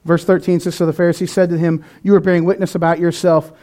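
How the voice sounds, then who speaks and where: A man's voice: a little high, level tone, quick pace, mellow. A man preaching a sermon in an earnest, conversational way, with some restarts. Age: adult, past eighteen.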